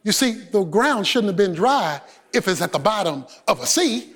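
A man preaching a sermon as pastor, emphatic and animated, swinging between loud bursts and hushed asides. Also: high-pitched, moderate pace, breathy edge, in a large hall.

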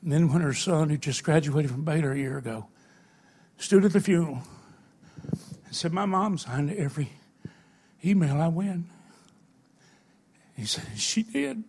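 Older male preacher with a husky voice. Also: on the high side, normal speed, pauses often. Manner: emotional storytelling, swings from loud to hushed. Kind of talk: sermon.

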